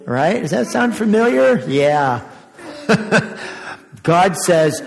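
An older male pastor gives a children's sermon in a chatty, questioning way, chuckling now and then. His voice sits a little high for a man. It rings out through a long-echoing sanctuary. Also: expressive, unhurried, creaky, pauses often. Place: church sanctuary. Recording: echoey church sanctuary.

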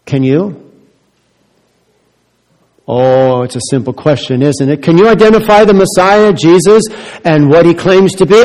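A man preaching a sermon as a pastor, swinging between hushed, quiet lines and loud, emphatic ones, and asking many rhetorical questions. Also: a little high, measured pace, long pauses, in a large hall.

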